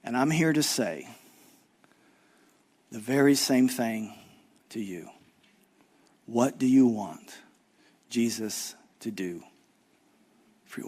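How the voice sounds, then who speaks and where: A middle-aged man preaching a conference sermon, swinging from loud urgent emphasis to low hushed appeals and acting out the voices of people in the story. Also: slow pace, pauses often. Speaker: guest preacher.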